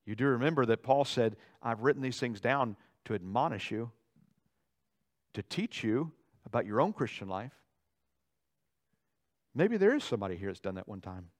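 A male pastor preaching a sermon in a church, animated, swinging between loud dramatic outbursts and quiet asides. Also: medium pitch, moderate pace, long pauses. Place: church sanctuary.

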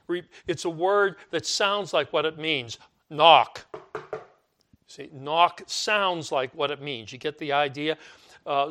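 An older man gives a loose, conversational sermon in a slightly raised pitch. He leans on repetition and slips into mock complaining voices as he makes his point. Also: a bit bright. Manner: conversational, repeats words for emphasis, mimics complaining voices. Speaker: preacher.

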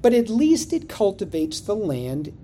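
A male pastor delivers a sermon with an animated, rising-and-falling delivery and a mellow, warm tone. He often turns questions on his listeners. A faint low rumble sits under the recording. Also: measured pace. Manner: expressive, rhetorical, asks questions of the congregation.

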